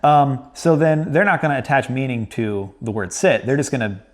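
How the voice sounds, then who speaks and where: A man's voice: medium pitch, animated, normal speed. Guy dog trainer walking a newbie thru it, chill, keeps going "right?". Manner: conversational, repeats points, checks in with "right?". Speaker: dog trainer teaching a new trainer. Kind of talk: hands-on training explanation.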